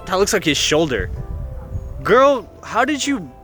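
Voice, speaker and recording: Faint music plays behind a young man who voices a story game's dialogue outdoors for his YouTube audience. His voice is a bit bright, a little slow and very animated, and he gives characters a playful high falsetto with rambling asides.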